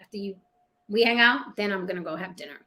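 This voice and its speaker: A woman's voice: medium pitch, fast, sharp tone. A woman with a New York accent hosting a casual livestream chat, blunt, sassy and full of profanity. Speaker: host.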